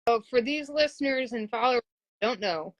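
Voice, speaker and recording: A woman's voice: fairly high pitch, animated, brisk, highs cut off. A woman hosting a casual interview, talking like an eager fan who often exclaims. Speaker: interviewer, host.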